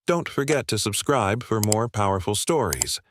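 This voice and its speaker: Expressive low-voiced male story narrator. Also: moderate pace, noisy background. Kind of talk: scripted narration.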